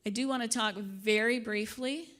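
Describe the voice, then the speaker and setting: A woman's voice: fairly high pitch, moderate pace, fairly bright tone. An older woman from Michigan giving a conference workshop presentation, chatty, with joking asides and the odd stumble over her words.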